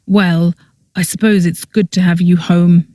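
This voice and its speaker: Brief: frosty matriarch in her eighties, voiced by the narrator, biting, mellow and dry. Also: medium pitch, level tone, measured pace, no echo, lightly acted. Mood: grudging. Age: 80s. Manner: biting, haughty. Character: stern elderly grandmother, family matriarch.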